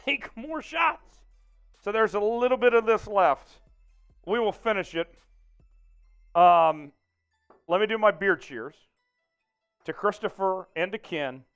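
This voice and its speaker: A man hosting a casual sports livestream, reading out viewer donations, excitable and laughing often. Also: high-pitched, smooth. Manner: excitable, reads out super chats, laughs often. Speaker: livestream host.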